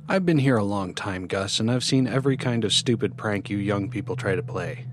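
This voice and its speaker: A man's voice: on the low side, animated, a little fast, slight background noise, lightly acted. A man voicing a stern, impatient veteran woman nurse who talks brusquely in a spoken horror story. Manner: brusque, scolding.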